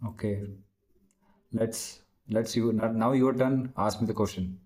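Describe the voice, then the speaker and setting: Mellow-voiced man, English learner, halting, restarts a lot, working at it. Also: fairly low pitch, steady tone, low-quality recording. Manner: halting, searching for words, many restarts. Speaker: English learner practicing speaking. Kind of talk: spoken practice conversation.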